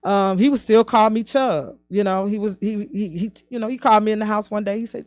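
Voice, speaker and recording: A woman. She is a podcast guest telling a personal story in a halting way, full of "you know" and "um", and she often speeds up and slows down. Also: medium pitch, steady tone, a little mellow, dry recording. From southern United States.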